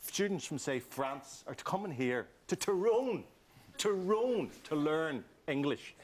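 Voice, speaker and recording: A Northern Irish man on a comedy panel, riffing in a mocking, rambling stand-up manner. His voice sits high and swoops all over the place. A lot of noise runs behind the recording. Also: takes it slowly. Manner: animated, mocking, digressive storytelling. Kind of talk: stand-up style rant.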